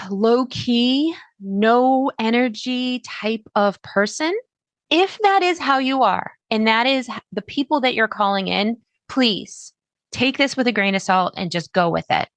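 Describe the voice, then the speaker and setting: A woman hosting a solo podcast, talking in a chatty, animated way with sudden jumps in pitch. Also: dry recording. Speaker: podcast host.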